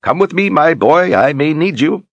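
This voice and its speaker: A man voicing an eccentric old male wizard, gruff and commanding, who bellows his orders. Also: on the high side, expressive, normal speed, no echo, dull audio, voice pushed up.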